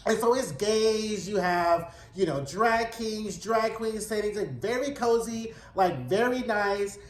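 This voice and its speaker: A man's voice: sits high, animated, takes it slowly. A man giving a chatty, sassy and frank casual recap of a TV episode. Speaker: TV recap vlogger. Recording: roomy echo.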